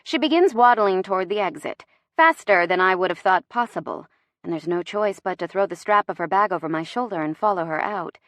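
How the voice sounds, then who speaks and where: A woman narrating a first-person audiobook with lively, wry storytelling. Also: mid-range voice, brisk, dry recording.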